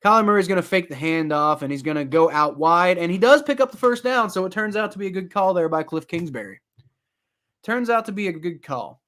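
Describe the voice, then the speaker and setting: A young man talks through a football game live, half commentary and half reaction, rambling with lots of fillers. His voice sits a bit higher than most men's, and he gets loud and exasperated when the play annoys him. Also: expressive, a little fast. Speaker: sports reaction streamer.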